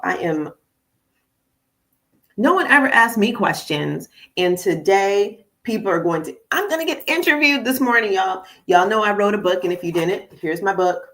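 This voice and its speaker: A middle-aged woman with a notably low voice speaks into a podcast microphone. She talks in a chatty, animated way as a coach hosting her own show, often turning to her listeners with "y'all". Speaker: podcast host and conflict coach. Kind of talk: casual morning podcast monologue. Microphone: studio podcast microphone.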